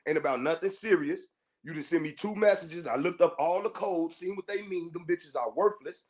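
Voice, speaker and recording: A man on a podcast, his voice sitting a little higher than most men's. He rants to his audience in a heated, profane, confrontational way, doubling back and repeating phrases as he talks. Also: normal speed. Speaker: podcast host. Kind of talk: heated monologue rant to listeners.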